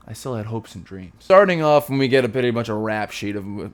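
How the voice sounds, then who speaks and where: A man's voice: fairly low pitch, expressive, quick pace, few pauses. Jokey man rambling through a movie recap. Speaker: movie reviewer.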